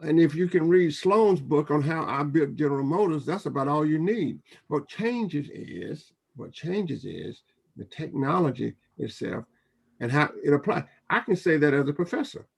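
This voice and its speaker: A man's voice: a little high, expressive, moderate pace, gravelly, husky. An older man, a professor, speaking in a roundtable discussion in a rambling way that often repeats words.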